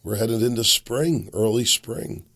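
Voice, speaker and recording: A man hosting a podcast while sick and losing his voice. He rambles and makes sarcastic, muttered asides into a desk boom mic. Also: a little slow, fairly bright tone. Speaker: podcast host. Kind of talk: casual commentary monologue. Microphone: boom microphone on a desk.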